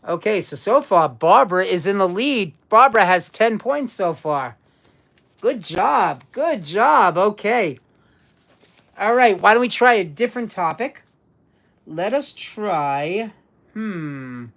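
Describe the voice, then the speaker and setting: Expressive and a bit bright, her medium-pitched voice moves at a slow pace as she hosts a casual trivia quiz on a live stream. She talks to viewers in a chatty manner and repeats things.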